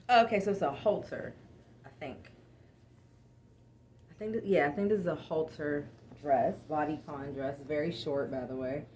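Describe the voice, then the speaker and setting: A woman vlogger unboxing a clothing haul in casual chat, expressive and exasperated, calling out to viewers as y'all. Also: deep voice, a little hiss or hum.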